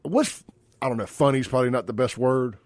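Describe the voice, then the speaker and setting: A Mississippi man hosts a conservative talk radio show, blunt and folksy, calling his listeners "brother." His mid-range voice holds a steady tone while he talks at a racing pace, with no echo.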